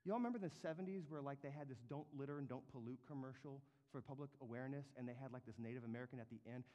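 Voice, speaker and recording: A man preaching a sermon as pastor, telling stories with lively comic flair. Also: mid-range voice, racing, big-room sound. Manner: animated, comic storytelling.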